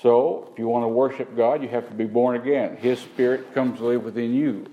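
A man's voice: mid-range voice, steady tone, fairly quick, muffled recording. A man preaching a teaching sermon, asking the congregation rhetorical questions.

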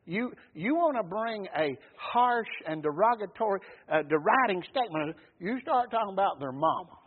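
A man's voice: high-pitched, animated, moderate pace, breathy edge. A man preaching a sermon in a folksy, emphatic way, often calling out for an amen. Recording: tinny phone-like sound.

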